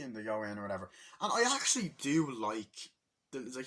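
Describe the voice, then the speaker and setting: A young man giving a rambling, excitable spoken movie review, acting out scenes from the film. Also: fast talker. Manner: rambling, excitable, acts out scenes in high voices.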